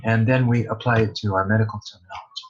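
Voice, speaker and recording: Husky man teaching English pronunciation. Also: lowish voice, steady tone, fast. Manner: plain-spoken, explaining step by step. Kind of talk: casual course promotion. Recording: dull lo-fi recording.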